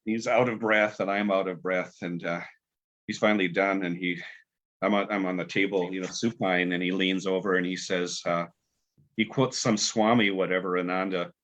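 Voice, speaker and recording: Low-voiced guy on a video call, rambly and halting, lots of ums, muffled lo-fi sound. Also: fairly even intonation, a bit bright. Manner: rambling, halting with many fillers. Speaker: poet guest. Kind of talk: casual storytelling and poetry reading. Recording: dull lo-fi video call audio.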